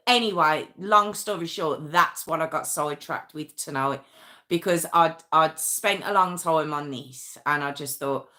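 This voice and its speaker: A woman's voice: low voice, lively intonation, moderate pace, sharp tone. A woman hosting a true crime live stream, chatting casually and rambling, often breaking off mid-sentence and answering her viewers. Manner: rambling, chatty, self-interrupting; talks straight to viewers, reacting to chat.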